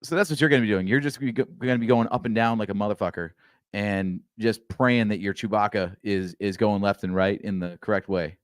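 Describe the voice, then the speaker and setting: A man's voice: on the low side, steady tone, quick pace, dry recording. A man co-hosting a casual podcast, laid-back and joking, swearing casually into a close microphone. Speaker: podcast co-host.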